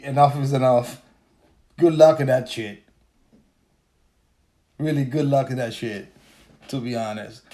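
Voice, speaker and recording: Slow, profane man ranting on a podcast. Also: mid-range voice, dark tone. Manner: profane, repetitive, laughs while talking. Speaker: podcast host. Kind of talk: casual livestream rant.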